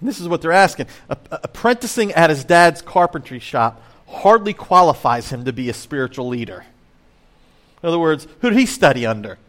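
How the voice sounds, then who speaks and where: A man's voice: on the high side, lively intonation, fairly quick, fairly bright tone. A man preaching a sermon in a conversational way, full of rhetorical questions and acted-out voices of the crowd. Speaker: pastor.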